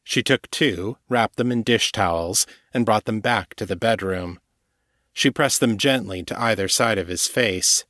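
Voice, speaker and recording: A man narrates a novel in a steady, measured audiobook read. His voice sits on the low side, recorded close on a studio mic in a dry space with no room sound. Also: no room sound.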